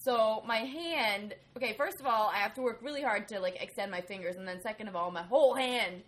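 A woman's voice: mid-range voice, a little fast. A young woman in casual group chat, laughing so hard she cries while describing the shocks in her arm. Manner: giggly, laughing through tears. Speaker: test subject of an ab stimulator.

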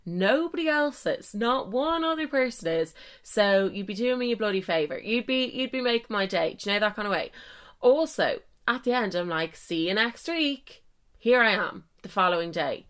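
A woman's voice: mid-range voice, animated, moderate pace, a bit bright. A young adult woman hosting her own podcast, chatting casually and mocking herself, with frequent mild swearing. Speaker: podcast host. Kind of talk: casual solo podcast chat.

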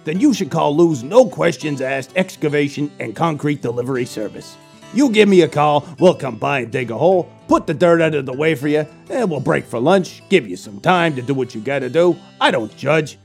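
A man putting on a shady excavation company owner in a loud, pushy mock radio ad. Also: animated, fairly quick, vocal fry, soft background music. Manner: loud, pushy sales pitch.

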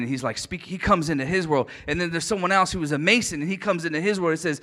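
A male pastor preaching a sermon to a church congregation, conversational at first and building to loud, emphatic delivery. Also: fairly high pitch, fairly quick, hardly any pauses. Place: church sanctuary with live congregation.

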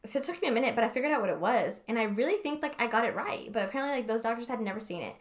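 A woman's voice: a little high, animated, racing. A young woman co-hosting a podcast in casual chat, rambling and swearing, often stopping to hunt for words. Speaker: podcast co-host.

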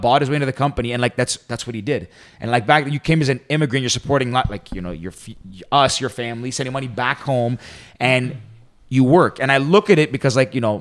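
A man co-hosting a podcast, chatting casually and telling animated stories with acted-out quotes. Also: mid-range voice. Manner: animated storyteller, acts out quotes. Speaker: podcast co-host. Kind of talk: casual chat.

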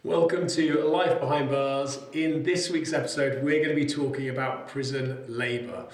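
A man hosting a casual podcast chat, jokey and quick to interject, often stumbling and restarting his sentences. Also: medium pitch, fairly even intonation. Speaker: podcast host. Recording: echoey room.

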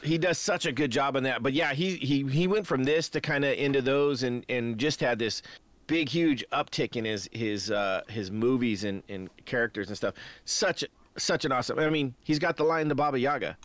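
A man chatting about movies with eager, rambling energy. He restarts his sentences often and keeps the conversation rolling. His voice sits at an ordinary pitch and is recorded close and dry, with no room sound. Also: normal speed, a bit bright, no echo. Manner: rambling, enthusiastic, many restarts. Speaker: podcast co-host. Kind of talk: casual movie chat.

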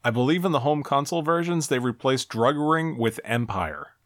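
A man's voice: mid-range voice, moderate pace, no room sound, studio quality. A man co-hosting a casual talk show, walking through game endings and reading their text aloud with a wry tone. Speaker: podcast co-host. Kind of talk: casual retro game discussion.

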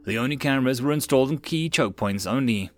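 A man narrating a web-novel audiobook in an expressive reading voice. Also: medium pitch, fast, no echo.

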